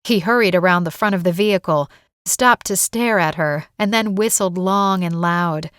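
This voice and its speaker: A woman reads her own romantic suspense novel aloud in gentle, even storytelling. Her voice sits lowish, recorded dry and close with no room sound. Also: moderate pace, clean tone, no room sound. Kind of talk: audiobook narration.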